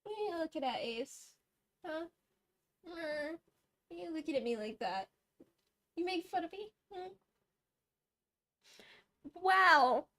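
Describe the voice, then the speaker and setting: A woman streaming a game with a very high, teary voice, still emotional after crying. She talks slowly, swearing and laughing at herself between reactions. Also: expressive, pushed and bright. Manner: emotional, tearful, swearing and self-mocking.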